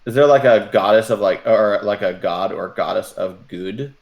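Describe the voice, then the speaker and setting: Hesitant gravelly male player. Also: lowish voice, fairly even intonation, moderate pace, dull audio. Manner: hesitant, full of "like". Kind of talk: casual tabletop game chat.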